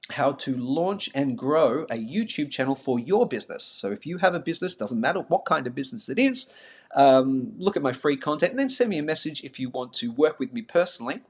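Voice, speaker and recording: A middle-aged man with a mild Melbourne Australian accent, hosting a live stream in a chatty, self-mocking way and talking straight to his viewers. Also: a little high. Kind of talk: casual live-stream chat.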